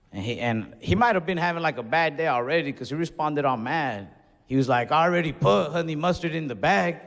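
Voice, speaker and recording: Young male stand-up, slightly high voice, laid-back storytelling, live hall reverb. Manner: casual, conversational storytelling with Spanish asides. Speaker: stand-up comedian. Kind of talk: stand-up routine. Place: comedy club stage before a laughing audience. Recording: live stage mic with long hall reverb.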